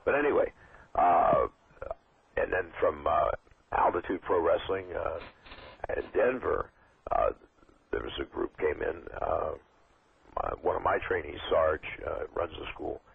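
An older man, a wrestling trainer, talking in a rambling, halting way with many fillers as a guest on a call-in show. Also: deep voice, creaky, husky, dry recording. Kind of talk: casual phone interview. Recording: tinny phone line.

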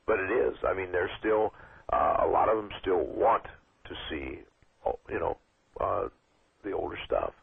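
An older man, a wrestling trainer, talking in a rambling, halting way with many fillers as a guest on a call-in show. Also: low voice, vocal fry, slightly rough, no room sound. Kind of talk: casual phone interview. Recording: tinny phone line.

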